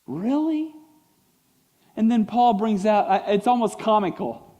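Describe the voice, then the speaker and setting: Animated male pastor in a reverberant hall. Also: high-pitched, unhurried, long pauses. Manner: animated, acts out voices and quotes, big swings in loudness. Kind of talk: sermon.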